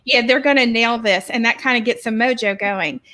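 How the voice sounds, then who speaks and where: Bright-voiced woman presenting to teachers. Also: a little high, normal speed, rough recording. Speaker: educator presenter. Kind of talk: webinar presentation.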